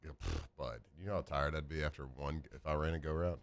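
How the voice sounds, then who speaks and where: A man's voice: rumbling low, fast. A man co-hosting a sports radio show in casual, joking chat. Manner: laid-back, joking, trails off and restarts. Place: radio studio.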